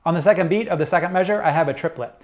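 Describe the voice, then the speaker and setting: A middle-aged man teaching a saxophone lesson, explaining jazz articulation step by step in a clear, methodical way. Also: fairly high pitch, racing, soft background music. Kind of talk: instructional music lesson.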